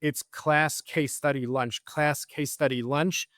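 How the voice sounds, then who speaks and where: A man's voice: a little high, fairly even intonation, slow pace, a bit bright, dry recording, clean studio sound. A man who is a guest on a podcast, talking in an earnest, emphatic way. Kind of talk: casual chat.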